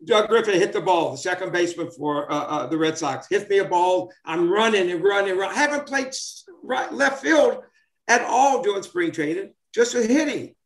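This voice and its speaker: Speaking as a guest, a man in his seventies who once played baseball tells old sports tales in a loose, rambling way, stumbling into fillers and starting over often. His high-pitched voice is animated and moves at normal speed, with roomy echo around it.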